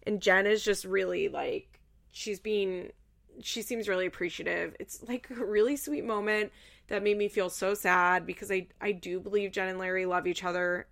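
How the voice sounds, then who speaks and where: A woman's voice: on the low side, creaky, fairly bright tone. A woman host chatting casually in a recap, chatty and loose with fillers and the odd swear word.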